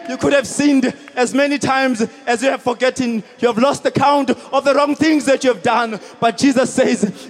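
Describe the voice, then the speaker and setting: Very high-voiced man preaching emphatically. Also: steady tone, normal speed, few pauses. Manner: emphatic, repetitive preaching with shouted peaks. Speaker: pastor. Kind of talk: sermon. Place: outdoor stadium service.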